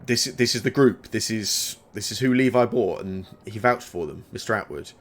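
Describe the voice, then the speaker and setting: A man voicing a tired palace guard, flat and matter-of-fact, dropping low and quiet as he shrugs off the question. A plain tabletop-game aside in the narrator's own voice. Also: normal speed, lightly acted. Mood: shrugging.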